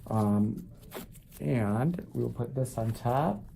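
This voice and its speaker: Narrating each step of a procedure in a clinic treatment room, this podiatrist keeps things calm and explanatory while joking with his patient. He has a medium-pitched, gravelly voice, draws out his words, and there's a slight hiss or hum in the audio.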